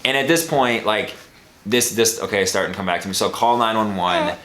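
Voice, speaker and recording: Husband in casual storytelling, slightly low voice, animated, roomy echo. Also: male voice, brisk. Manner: animated, acts out his own panicked shouting. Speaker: husband telling a birth story.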